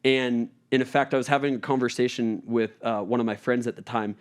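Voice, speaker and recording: A man's voice: medium pitch, fairly even intonation, brisk. A middle-aged man, a pastor co-hosting a podcast, telling their story candidly and reflectively in casual conversation with his wife.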